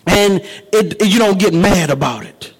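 A man preaching a sermon, turning his talk to the congregation and building up to shouting. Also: high voice, animated, a little slow, breathy edge, long reverb tail, poor audio.

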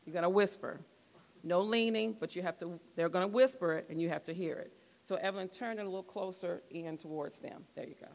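Woman, church group leader, patient instructions, raspy fry, echoey room. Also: lowish voice, brisk, darkish tone. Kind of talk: instructing a group exercise, devotional talk. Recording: long echoey hall reverb.

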